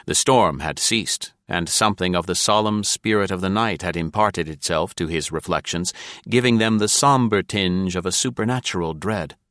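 A man narrating a story in an even, deliberate manner. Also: low-pitched, no room sound, clean studio sound. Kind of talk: scripted audiobook narration.

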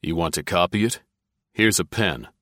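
Male reader as young american agent, cool, curt, deep voice. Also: moderate pace, bright, forceful tone, no room sound, studio quality.

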